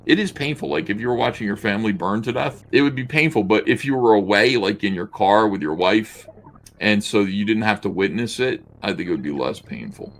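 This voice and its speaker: A man's voice: fairly low pitch, fairly quick. A man co-hosting a podcast, talking casually and mockingly as he pages through a comic and sketches at his desk, laughing often and swearing. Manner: drawing at the desk while talking. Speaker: podcast co-host. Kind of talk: casual commentary while paging through a comic.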